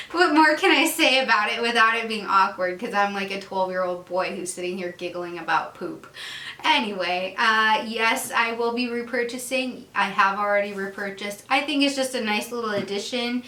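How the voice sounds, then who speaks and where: Woman, beauty vlogger, casual chatty review, bright tone, echoey home room. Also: mid-range voice, normal speed. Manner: chatty, giggly, acts out little dialogues. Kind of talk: casual product review chat.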